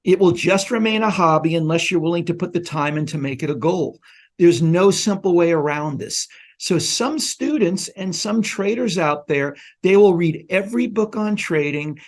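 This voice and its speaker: A man talking earnestly as a guest educator in a casual conversation. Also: fairly high pitch. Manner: earnest, instructive. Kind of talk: casual chat.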